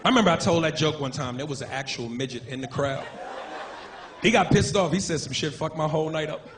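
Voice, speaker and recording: A man doing a crude, animated stand-up comedy set on a club stage with a handheld mic. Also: on the high side, a little fast, some chatter behind. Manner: crude, animated, profane jokes. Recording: noisy live club recording. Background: audience laughter.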